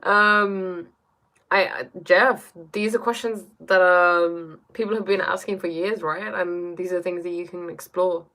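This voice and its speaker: Musing woman on a live stream, fairly low voice. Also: fairly even intonation, unhurried, bright, forceful tone. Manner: musing, reflective, often asking "right?". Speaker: livestream host reading chat. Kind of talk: casual live-stream chat. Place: her bedroom.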